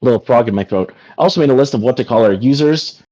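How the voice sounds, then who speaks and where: Over dull, lo-fi call audio, a fast-talking man with a medium-pitched, mellow voice runs a laid-back team meeting on video. His speech wanders and is thick with fillers, "like" above all.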